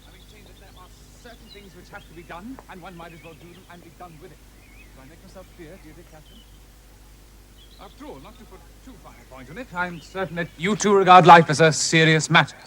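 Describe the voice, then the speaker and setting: A man's voice: high-pitched, fast talker, very noisy, natural voice. An actor playing an eager young writer who lectures his sweetheart in a wordy, pompous way in a 1970s television period drama. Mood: lecturing. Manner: wordy and pompous, with fussy endearments.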